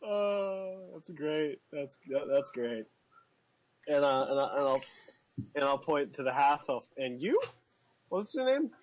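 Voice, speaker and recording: A man's voice: a little high, very animated, a little slow, a little mellow. A man playing a tabletop role-playing game, talking casually in a rambling, hesitant, jokey way. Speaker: player. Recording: lo-fi dull recording.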